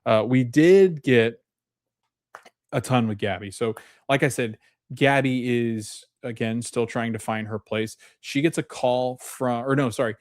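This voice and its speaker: A man's voice: mid-range voice, a little slow, no echo, clean studio sound. Chatty man recapping a TV episode. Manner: chatty, animated retelling with frequent restarts. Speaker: podcast host.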